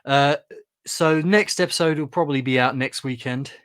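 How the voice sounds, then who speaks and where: A man's voice: mid-range voice, moderate pace, fairly bright tone, clean tone. A man from England co-hosting a podcast in casual, jokey chat while wrapping up an episode. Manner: chatty, jokey sign-off banter. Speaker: podcast co-host.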